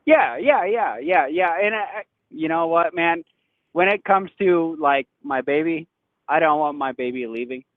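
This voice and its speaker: A man's voice: fairly high pitch, animated, a little slow, no room sound. A man calling in to a podcast on the phone, rambling defensively and trailing off. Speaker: caller. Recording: tinny phone line.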